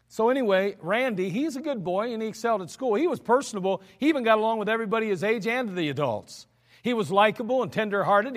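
A high-voiced man preaching a blunt, scolding sermon from the pulpit. His voice rings out with a long reverb through a church hall. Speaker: pastor.

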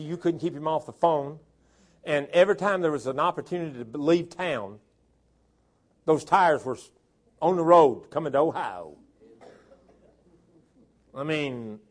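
A man preaches with a notably high voice, reading out scripture verse after verse. He hits the key words hard and loud, then slips into folksy, chatty asides. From southern Tennessee and northern Alabama, US.

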